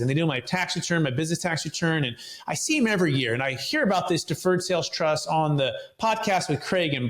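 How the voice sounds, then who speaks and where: A man with a slightly high voice speaks as a podcast guest and tells animated stories. He slips into lively voices when he acts out dialogue. He often repeats words when he starts a sentence. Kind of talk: animated storytelling.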